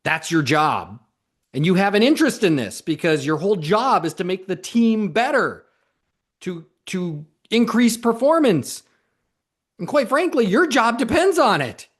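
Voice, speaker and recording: A male sales coach talks straight to his audience in an emphatic, direct way. His voice sits a bit high, and his pitch swings widely as he drives his points home. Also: sing-song, a little slow, husky. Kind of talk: motivational talk to camera.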